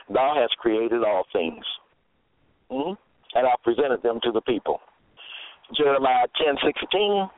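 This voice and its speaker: A man's voice: medium pitch, no echo. A man preaching a radio-style sermon, teaching in a didactic way and asking the listener rhetorical questions. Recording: tinny phone-line sound, dry.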